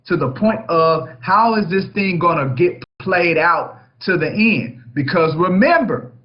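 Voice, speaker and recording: A man's voice: high voice, lo-fi sound. Emphatic man coaching, lots of "right?". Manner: emphatic, keeps checking in with "right?". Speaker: real estate broker hosting a coaching session. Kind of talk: coaching talk on a book chapter.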